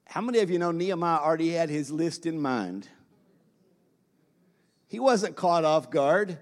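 A man's voice: fairly high pitch, lively intonation, measured pace, big-room sound. A man preaching a sermon as pastor, speaking to the congregation with repeated phrases and questions.

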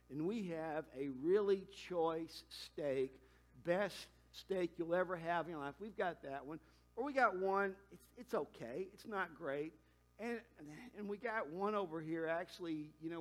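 A pastor preaching a sermon in a conversational way, with quick asides and emphatic climbs. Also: male voice, sits high.

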